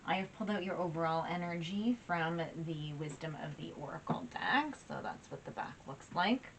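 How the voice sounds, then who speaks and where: A woman's voice: on the low side, moderate pace, slight background noise, poor audio. A woman giving a casual, chatty tarot reading, emotional and a little teary, with lots of fillers and restarts. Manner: chatty and warm-hearted, many fillers and restarts. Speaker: tarot reader.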